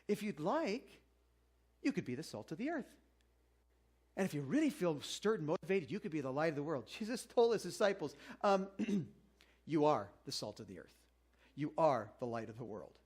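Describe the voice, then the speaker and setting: A middle-aged man with a higher-than-usual voice delivers a sermon in a relaxed, conversational way. He keeps breaking into little acted-out voices of doubtful listeners before returning to his point. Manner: conversational, acts out listeners' excuses in quick asides. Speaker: pastor.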